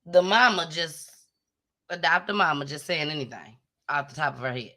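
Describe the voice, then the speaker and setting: A woman hosting a casual commentary show, talking in an animated, chatty and emotional way. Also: low voice, moderate pace. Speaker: host.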